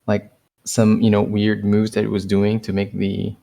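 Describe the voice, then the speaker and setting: A man's voice: on the low side, monotone, normal speed, gravelly, mellow. A man chatting as a guest on a stream, hesitant and full of fillers. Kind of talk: casual chat.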